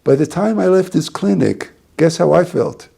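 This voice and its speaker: A man's voice: on the high side, normal speed, creaky, mellow, slightly rough. A man, a rabbi, giving an informal talk to a small group, rambling through a story with many restarts.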